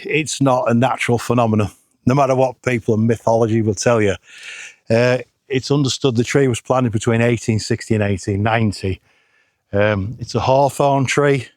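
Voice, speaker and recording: A man's voice: mid-range voice, no echo, studio quality. Chatty middle-aged man outdoors. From England. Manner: chatty, self-deprecating, jokey. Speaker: photography vlogger. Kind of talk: casual outdoor vlog. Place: outdoors on limestone hillside.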